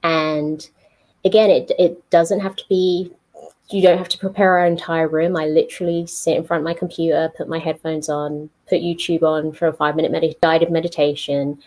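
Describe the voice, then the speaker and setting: Lower-voiced woman, calm podcast guest. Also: normal speed, rough recording. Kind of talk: casual interview chat.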